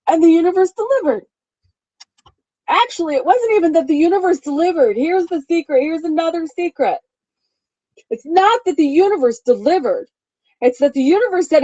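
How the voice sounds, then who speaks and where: Emphatic swearing woman, dark muffled sound. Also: extremely high pitch, big pitch swings, normal speed, no room sound. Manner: emphatic, swears freely, laughs often. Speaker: spiritual coach. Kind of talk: motivational talk to camera.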